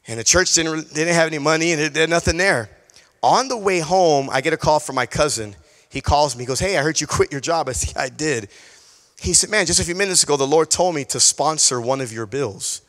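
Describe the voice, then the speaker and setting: Bright-voiced man preaching in a reverberant hall. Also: a little high, fairly quick. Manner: animated, acts out dialogue, repeats key phrases. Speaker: pastor. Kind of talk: sermon with personal storytelling. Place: church sanctuary.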